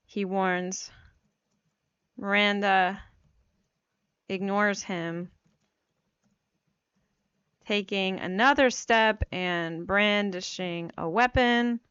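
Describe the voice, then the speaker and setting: A woman explains a writing method in a relaxed, rambling tutorial, filling her talk with "like" and "um" and joking about herself. She is getting over a cold, yet her voice stays smooth and clear. The recording is dry and a little dull in the highs, as from a new home microphone. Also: drawn-out words, long pauses, no echo. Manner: chatty, self-deprecating, many fillers. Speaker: writing coach. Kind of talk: casual screen-share tutorial.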